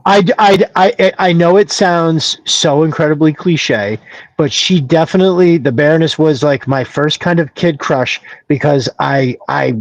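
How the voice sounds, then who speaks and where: A man's voice: fairly high pitch, measured pace, no echo, low-quality recording. A man who is a guest on a casual podcast chat, talking in a reflective way and searching for his words.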